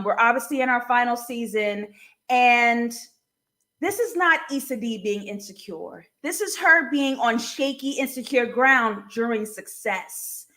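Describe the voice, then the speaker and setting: Young woman live-stream host, casual and animated, quick laughs, slightly high voice. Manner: chatty and animated, laughs often. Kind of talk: casual live-stream chat, reading viewer comments.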